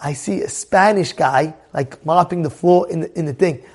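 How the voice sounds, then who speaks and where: An American man casually telling a personal story, animated and repeating his phrases as he acts out what people said. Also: on the high side, moderate pace, breathy edge.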